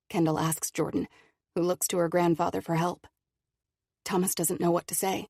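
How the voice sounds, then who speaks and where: Low, gravelly female narrator, calm measured audiobook read. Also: no echo, studio quality. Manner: calm, measured first-person telling.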